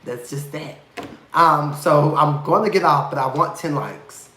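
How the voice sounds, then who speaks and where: A man's voice: fairly high pitch, measured pace, pushed and bright, roomy sound, a little hiss or hum. A man hosting a live reality TV review stream, chatting casually with viewers in a sassy, campy way, with lots of swearing and affection.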